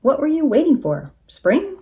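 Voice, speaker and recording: A bossy, self-centered storybook rooster, put on by a woman reading aloud, always grumbling and complaining. His voice sits high and swings up and down in lively jumps. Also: moderate pace, lo-fi sound.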